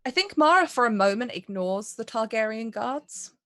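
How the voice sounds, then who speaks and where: A woman's voice: a little high, animated, normal speed, sharp tone, no room sound. A woman playing her character in a tabletop game, thoughtfully describing the character's feelings and actions. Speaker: player.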